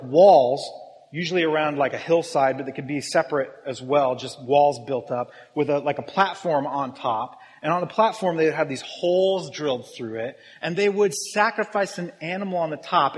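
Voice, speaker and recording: Joking pastor in a reverberant hall. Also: male voice, on the high side. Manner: casual, joking, talks with the congregation. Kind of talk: sermon. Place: church hall with audience.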